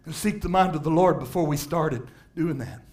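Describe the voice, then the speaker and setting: A man preaching an impassioned sermon, swinging between hushed asides and shouted emphasis and repeating phrases to drive points home. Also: fairly high pitch, moderate pace.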